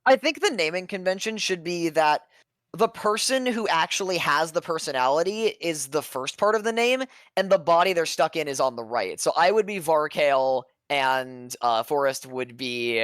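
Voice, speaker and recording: Player, man, mid pitch, dry close sound, wry and joking. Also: unhurried, a bit bright, smooth, no echo. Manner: swears freely, wry and joking. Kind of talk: casual tabletop play.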